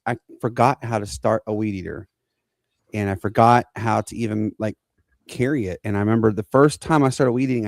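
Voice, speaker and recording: A man, co-hosting a podcast and telling a personal story in an earnest, halting way. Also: fairly low pitch, a little mellow, dry recording. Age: 40s. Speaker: podcast co-host.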